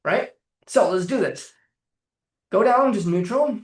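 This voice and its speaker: Energetic male coach in a roomy space. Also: high-pitched, takes it slowly. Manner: casual, energetic, swears freely. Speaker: trauma coach. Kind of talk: coaching talk with guided exercises.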